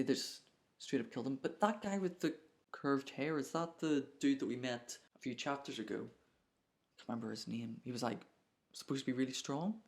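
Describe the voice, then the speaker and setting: A young man chatting casually through a comic chapter, thinking aloud as he goes. His voice sits at an everyday middle pitch, and he gets excitable as the story grabs him. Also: moderate pace. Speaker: manga reaction host. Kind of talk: casual reaction commentary.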